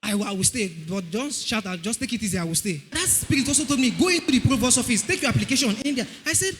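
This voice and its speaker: High-pitched young Nigerian man testifying. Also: quick pace, long reverb tail, slight background noise. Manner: animated storytelling, acts out voices. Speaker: church member giving testimony. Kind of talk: testimony in church.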